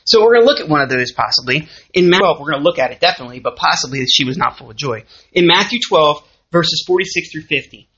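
A woman's voice: low voice, quick pace. A woman with a Southern US accent giving a conversational sermon, often asking her listeners questions. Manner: lively, conversational, asks the audience questions. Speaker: teacher of a church class. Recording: muffled lo-fi recording.

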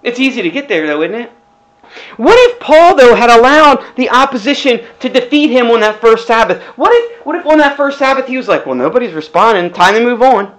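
A man's voice: extremely high pitch, expressive, fairly quick, a bit bright, poor audio. Middle-aged male pastor, casual sermon delivery, rhetorical asides. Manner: conversational preaching with rhetorical questions.

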